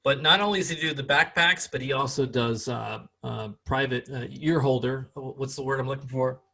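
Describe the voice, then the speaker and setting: A man from the United States hosts a casual podcast, talking loosely and rambling with plenty of fillers. His voice sits at an ordinary middle pitch. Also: a little fast, gravelly, pushed and bright. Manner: rambling, frequent fillers and restarts. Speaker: podcast host. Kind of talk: casual chat.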